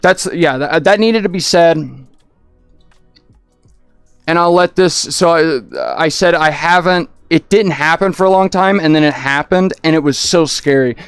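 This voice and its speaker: Young male streamer, slightly high voice, halting and rambling delivery with frequent swearing, dry close-mic sound. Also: clear, resonant tone, no room sound, soft background music. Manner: halting, full of restarts and "like", swearing. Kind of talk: rambling livestream storytelling.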